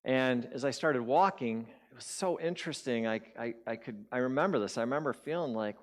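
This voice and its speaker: A man's voice: medium pitch, fairly quick, hardly any pauses. A man giving a sermon as a guest speaker, telling a personal story and acting out his inner voices. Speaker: guest speaker at a spiritual community.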